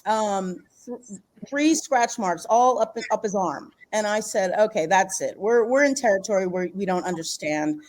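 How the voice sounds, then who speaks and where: A middle-aged woman from the Philadelphia area telling a personal story in a casual, animated way, laughing often and acting out what people said. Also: mid-range voice, unhurried, low-quality recording. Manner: animated, laughs often, acts out quoted voices. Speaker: podcast guest.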